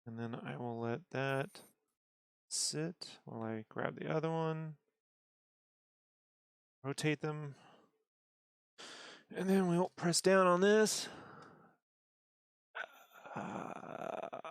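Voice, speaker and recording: A man artist quietly thinking aloud while painting, casual and relaxed. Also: a little high, extremely slow, vocal fry, long pauses, clear, resonant tone, no room sound, studio quality.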